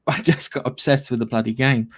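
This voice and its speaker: Guy rambling on a gaming podcast, swears a lot, laughs a lot, mid pitch. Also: fairly even intonation, moderate pace, husky. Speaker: podcast co-host. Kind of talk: casual chat.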